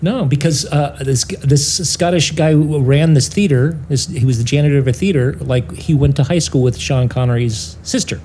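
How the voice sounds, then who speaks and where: A man's voice: normal speed, hardly any pauses, warm tone, slight background noise. A man hosting a comedy podcast, rambling casually and laughing often. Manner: rambling, laughs often, jumps into silly high voices. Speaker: podcast host.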